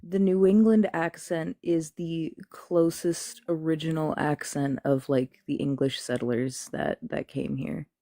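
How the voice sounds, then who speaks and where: Low-voiced woman co-hosting a chat. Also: fairly even intonation, a little slow, few pauses, dark tone, dry recording. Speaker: co-host. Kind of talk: casual chat.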